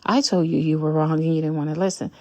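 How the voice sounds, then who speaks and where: A woman in her fifties talks straight to camera about her relationship, outspoken and unwilling to sugarcoat. Her voice sits a little low and mellow. The sound is close and dry, with no room around it. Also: fairly even intonation, fast talker, dry recording. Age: 50s. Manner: outspoken, blunt and emphatic. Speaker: vlogger. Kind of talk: candid relationship vlog.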